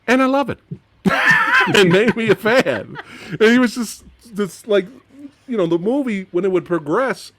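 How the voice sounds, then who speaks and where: A man chatting about action movies, his pitch rising and falling widely as he gets excited. He laughs often and lets his voice sink low at the ends of phrases. The sound is close and dry, with no room around it. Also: measured pace, no echo. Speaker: podcast host. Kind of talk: casual movie-review chat.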